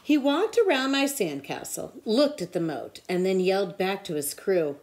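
A woman tutor reading a children's picture book aloud with expressive storytelling. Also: mid-range voice, moderate pace, few pauses.

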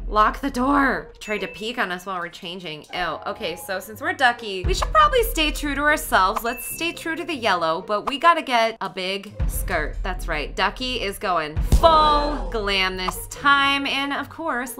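A woman gaming as a silly character, excitable, stammering over herself and squealing up high. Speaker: gaming video host. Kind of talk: playful game commentary in character.

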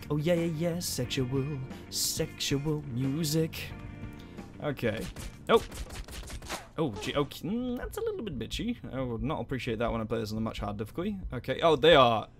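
A young man hosting a let's play, commenting in an animated, jokey way and swearing a lot. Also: medium pitch. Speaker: gaming channel host. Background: game music.

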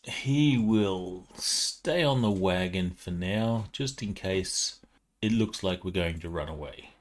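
A man playing a tabletop game, calmly describing what his character does. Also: low-pitched, takes it slowly. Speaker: player. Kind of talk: casual tabletop play.

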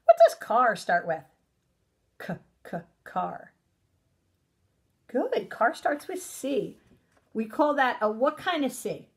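A woman teaching a recorded phonics lesson to young children, sounding out letters slowly and praising them warmly. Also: sits high, big pitch swings. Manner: encouraging, sing-song, sounds out letters slowly. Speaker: preschool teacher.

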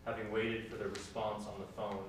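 A man's voice: on the low side, flat delivery, fairly quick, lightly acted. An actor playing an apologetic man who keeps waiting for a call and repeats his sorrys. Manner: apologetic, repetitive. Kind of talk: stage play reading. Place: theater stage. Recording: echoey stage from far off, faint noise.

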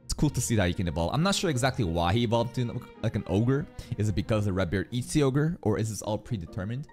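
A young man doing casual anime reaction commentary, excitable and swearing often as he talks to the screen. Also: on the low side, fast, faint music behind.

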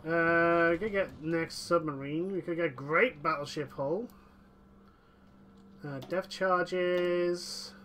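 Bright high-pitched rambling male gamer. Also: slow, a little hiss or hum. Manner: rambling, self-correcting, lots of fillers. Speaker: gaming commentator. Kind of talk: strategy game let's play.

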